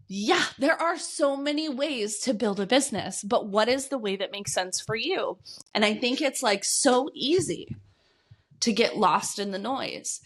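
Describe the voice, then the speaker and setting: Fired-up woman coach, coughing from a cold. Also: medium pitch. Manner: energetic, blunt, swears casually. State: getting over a cold, coughing. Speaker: business coach and podcast host. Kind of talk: solo podcast monologue.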